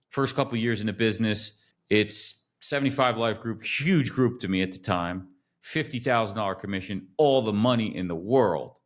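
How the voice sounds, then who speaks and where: Animated man telling a sales story. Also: fairly low pitch. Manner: animated storyteller, acts out quotes. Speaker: podcast host. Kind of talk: casual storytelling chat.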